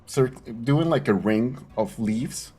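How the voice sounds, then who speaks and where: A man playing a tabletop game talks through his character's moves at a slow, unhurried pace. He is excitable and quick to swear. Faint music plays behind him. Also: medium pitch, husky. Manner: excitable, swearing, gets emotional. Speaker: player. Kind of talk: tabletop game play, describing actions.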